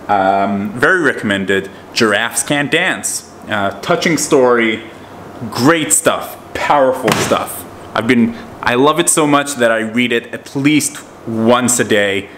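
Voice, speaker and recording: A man from Israel who speaks with an American accent hosts a TV talk channel, chatting casually and rambling with plenty of fillers. His mid-range voice is a bit bright, with slight background noise.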